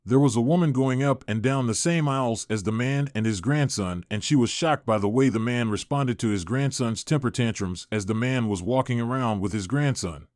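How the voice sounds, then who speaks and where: A man narrating a scripted viral story in an even, measured way. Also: medium pitch, no echo, studio quality.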